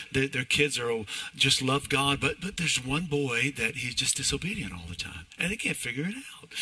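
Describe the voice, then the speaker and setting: A male pastor preaching a sermon in church, animated and emphatic, often restarting his phrases. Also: mid-range voice, slightly rough, rough recording.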